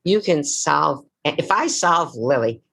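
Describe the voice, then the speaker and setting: An older woman, an actress, telling her life story theatrically on a video call, slowing and dropping low for emphasis. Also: animated, vocal fry, a bit bright, slightly rough. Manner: dramatic, slows for emphasis, drops low on key words. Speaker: actress and memoir author, guest.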